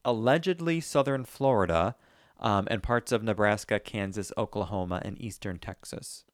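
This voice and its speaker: A man's voice: lowish voice, normal speed, no echo, clean studio sound. A man co-hosting a podcast, reading out facts playfully in casual chat. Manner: reads facts aloud playfully. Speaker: podcast co-host.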